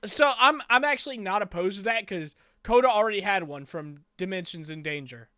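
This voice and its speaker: A man co-hosting a fan review podcast, chatting casually with excitable, quick back-and-forth banter. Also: sits high, clear, resonant tone, dry recording, studio quality. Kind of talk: casual chat.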